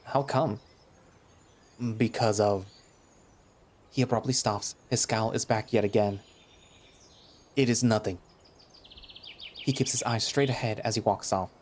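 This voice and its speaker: A man's voice: lowish voice, fairly quick, slight background noise. A man narrating a visual novel in the first person, in a casual, chatty way that turns hesitant in dialogue.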